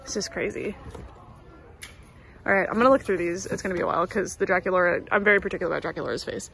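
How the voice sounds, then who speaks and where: A young woman, gushing excitedly in a casual doll-collecting vlog. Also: on the low side, rapid-fire, gravelly, a little hiss or hum. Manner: excitable and gushing, with frequent exclamations. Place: busy retail store, indoors.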